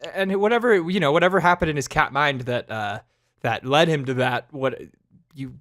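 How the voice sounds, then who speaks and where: A man's voice: a little high, fairly quick, fairly bright tone, no room sound, clean studio sound. A young man co-hosting a podcast in casual chat, laid-back and agreeable, swearing casually. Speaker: podcast co-host.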